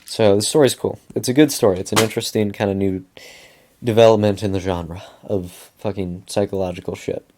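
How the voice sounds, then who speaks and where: A man's voice: fairly low pitch, fairly even intonation, brisk, warm tone. A young man venting in a casual monologue, rambling, repeating himself and swearing a lot. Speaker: vlogger.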